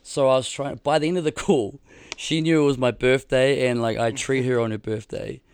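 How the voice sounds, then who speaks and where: A man's voice: medium pitch, steady tone, moderate pace, darkish tone, smooth. A middle-aged man telling a long story in casual chat on a podcast, rambling with lots of "like" and freely swearing. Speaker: podcast co-host.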